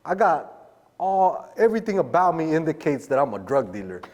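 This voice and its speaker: A man's voice: on the high side, very animated, fairly quick, a little mellow, big-room sound. A man guest telling a long story in casual street slang, acting out the voices of the people he quotes. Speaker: podcast guest.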